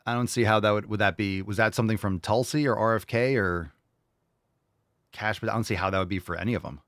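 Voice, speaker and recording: A man's voice: fairly low pitch, steady tone, fast, fairly bright tone, no room sound, clean studio sound. A man hosting a casual reaction show, talking bluntly and sarcastically with plenty of swearing. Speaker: show host.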